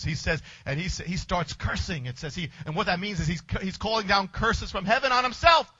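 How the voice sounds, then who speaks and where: A man preacher with a high, bright, forceful voice tells a story in short, emphatic bursts. The sound is dry and close, with a dull, lo-fi tone. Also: a little fast, hardly any pauses, breathy edge, dry recording. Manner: vivid, emphatic retelling in short punchy phrases. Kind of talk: dramatic sermon storytelling.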